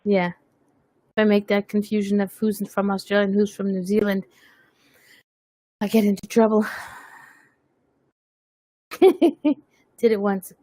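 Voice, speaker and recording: A woman's voice: medium pitch, steady tone, slow, pauses often, mellow, dry recording. A woman hosting a webcast, chatting casually, teasing herself and laughing often. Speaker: webcast host. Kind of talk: casual chat.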